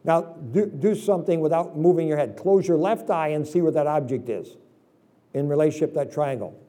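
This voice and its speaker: A man's voice: fairly high pitch, a little fast, mellow. A man preaching a revival sermon to a congregation in a church, telling folksy jokes and leading the audience through a hands-on exercise. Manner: folksy, joking storyteller. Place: church service.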